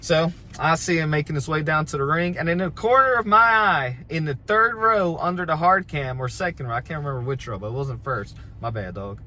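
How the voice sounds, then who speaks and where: A man's voice: on the high side, fairly quick, few pauses, sharp tone, a little hiss or hum. A man, a pro wrestler, casually telling a story about his career in a laid-back, self-deprecating, rambling way.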